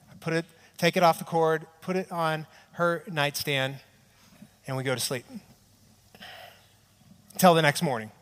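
A man's voice: a little high, a bit bright, clean tone, in a large hall. A man preaching a sermon to a church audience in a conversational, storytelling way, often checking in with "right?" and acting out little quotes. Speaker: pastor. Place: large church hall with an audience.

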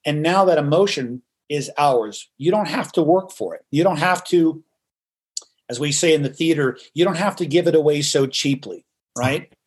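A man speaking as a podcast guest who coaches trial lawyers in theater methods, talking in an animated, theatrical, emphatic way. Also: on the high side, normal speed, slightly rough. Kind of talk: podcast interview.

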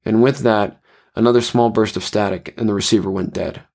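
A man narrating a scripted horror story in a measured way. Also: lowish voice, fairly even intonation, gravelly, darkish tone.

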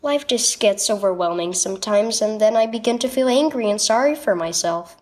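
A woman voicing a tired but loving single mother who speaks gently and encouragingly in a children's devotional story. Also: mid-range voice, expressive, moderate pace, close to an everyday voice. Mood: gentle.

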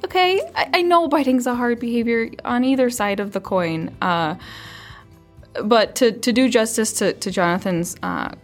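A woman who is an early childhood mental health specialist gives parenting advice in a podcast interview. She talks conversationally and often drops into a hushed, soothing tone. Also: on the high side, moderate pace, soft background music.

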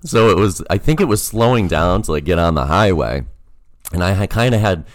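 A man with a deep voice tells a story in a relaxed chat, and his pitch swings widely as he does. He laughs often between phrases. The sound is dry, as if close to the mic. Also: a little fast, dry recording. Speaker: podcast guest. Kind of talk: casual storytelling.

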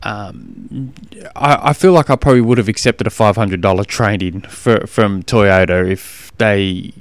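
An Australian man talks through his solo podcast in a loose, frank, rambling way, often stopping and restarting his sentences. His voice is smooth and resonant, and it is recorded close and dry with no room sound. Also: fairly low pitch, a little slow, dry recording. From Tasmania. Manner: rambling, frank, exasperated storytelling with frequent restarts. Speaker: podcast host and triathlon coach. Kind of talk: casual solo podcast monologue.

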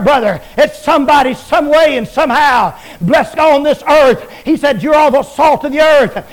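A man preaching a shouted revival sermon, chanting and repeating phrases as he builds to shouts. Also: very high-pitched, low-quality recording. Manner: chanting, repetitive, rises to shouts.

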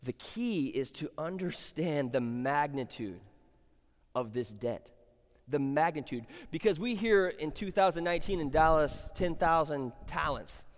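A man's voice: fairly high pitch, lively intonation, measured pace. Man preaching in a reverberant hall. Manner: expository preaching, rhetorical questions, repeats key phrases. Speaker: pastor. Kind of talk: sermon.

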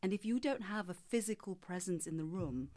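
A woman voice coach speaks in a measured, explanatory way, her voice sitting a little low for a woman. She answers questions at length and now and then demonstrates with her own voice. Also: animated, darkish tone. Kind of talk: interview answers.

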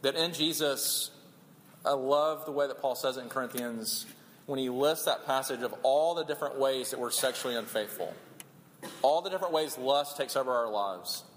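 A man's voice: mid-range voice, moderate pace. A man preaching a sermon as pastor, earnest, often repeating words as he builds his points. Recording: long hall reverb, faint room noise.

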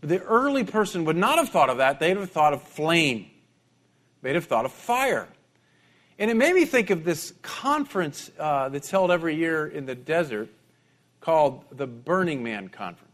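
High-voiced conversational male preacher. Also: expressive, moderate pace, a bit bright. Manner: conversational, repeats words when restarting. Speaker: pastor. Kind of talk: sermon.

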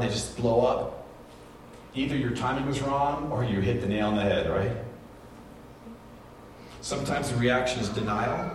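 A male pastor giving a sermon, telling stories from his childhood and rising to high, emphatic peaks. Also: recorded from a distance, noisy background. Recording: very echoey room, voice from afar.

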